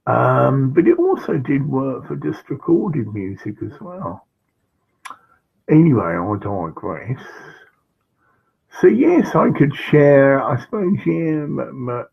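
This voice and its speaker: Slow gravelly man, rambling. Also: medium pitch. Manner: slow, digressive, with frequent fillers and asides. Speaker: vlogger. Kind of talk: rambling personal anecdote. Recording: dull lo-fi recording.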